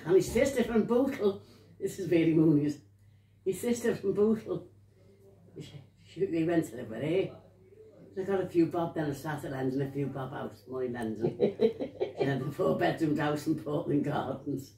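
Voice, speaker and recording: A woman's voice: deep voice, moderate pace, dark tone, slight background noise. A woman in her eighties with a Liverpool accent, telling bawdy stories, swearing freely and laughing through them. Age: 80s. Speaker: storyteller at her birthday gathering. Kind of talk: casual storytelling. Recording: echoey room, mic far off, crowd chatter.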